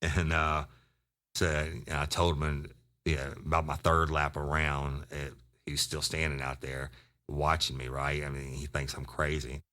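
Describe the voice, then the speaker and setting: A man with a very deep, low voice tells a crime story in a loose, meandering way. He swears freely and often starts his sentences over. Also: little pitch movement, moderate pace, pushed and bright. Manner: rambling, profane, with many restarts. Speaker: podcast host and retired detective. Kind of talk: casual storytelling.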